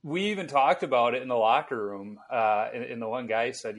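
A man's voice: mid-range voice, brisk, few pauses. Podcast host, man from Chicago, easygoing and conversational. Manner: conversational, relaxed storytelling. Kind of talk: casual interview chat.

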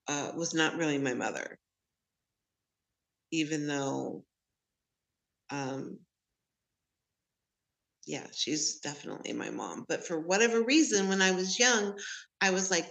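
A woman with a lowish voice recounts her story slowly and openly. She takes her time and lets the odd laugh slip in as she talks with an interviewer over a remote connection. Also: fairly bright tone. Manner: candid, unhurried storytelling with laughs. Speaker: podcast guest, medium.

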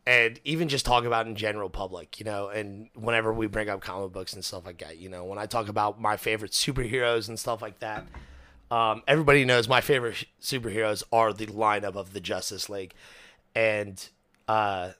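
A young man hosts a podcast in a lowish, sharp-toned voice, on a dry recording. His casual chat is animated, full of frequent swearing, and he acts out quotes.

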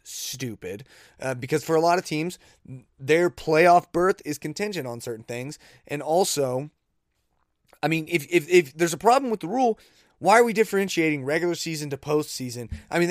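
Dude rambling on his solo podcast, kinda high voice, goes all exasperated, dead dry mic. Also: no room sound. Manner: rambling, self-deprecating, jumps to exasperated disbelief. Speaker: podcast host. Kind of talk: casual solo podcast chat.

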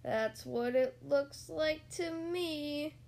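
A woman voicing a gloomy, mournful old male donkey in a storybook reading, low and slow. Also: gravelly, a little mellow, exaggerated voice. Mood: mopey.

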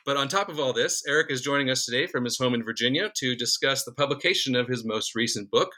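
Male podcast host, bright tone, measured questions with frequent fillers. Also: medium pitch. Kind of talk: scripted interview questions.

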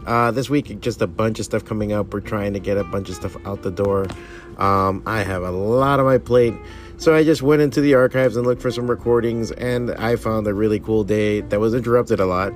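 A podcast host chats casually and profanely, laughing often, swearing freely, and telling animated stories. His voice is on the low side and fairly quick, with faint music playing behind him.

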